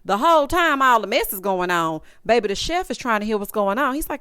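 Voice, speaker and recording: A woman's voice: sits high, big pitch swings, normal speed, fairly bright tone, smooth, no room sound, studio quality. A woman giving a sassy, dramatic casual recap of a reality show, often mimicking the people she talks about.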